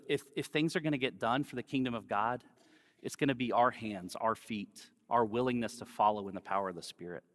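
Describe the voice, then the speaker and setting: A man preaching a sermon as pastor, speaking gently and conversationally and weaving in personal stories. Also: medium pitch. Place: church. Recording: long reverb of a church hall.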